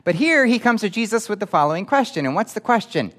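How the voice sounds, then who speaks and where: A man preaching a sermon, emphatic and animated, acting out quoted voices as he teaches. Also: high voice, quick pace.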